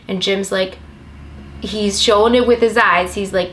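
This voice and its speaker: A woman's voice: on the high side, fairly even intonation, moderate pace, fairly bright tone, slight background noise. A young woman recapping a movie in a rambling, sarcastic comedy style, swearing constantly. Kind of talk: profane comedic plot recap.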